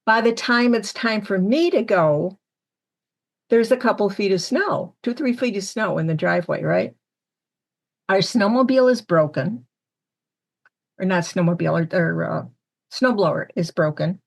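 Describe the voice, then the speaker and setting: Woman storyteller from upstate New York, lively with the quoted voices. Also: mid-range voice, normal speed, gravelly, long pauses. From Syracuse, New York area. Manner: animated storyteller acting out quoted lines. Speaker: medium, panel guest. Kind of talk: storytelling on a panel podcast.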